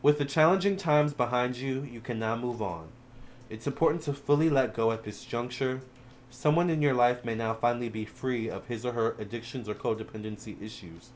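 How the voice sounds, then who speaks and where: A man's voice: mid-range voice, a little fast, slight background noise. A man giving a casual tarot reading to viewers, chatty and emotional, calling them y'all and child, teary-eyed toward the end. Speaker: tarot reader.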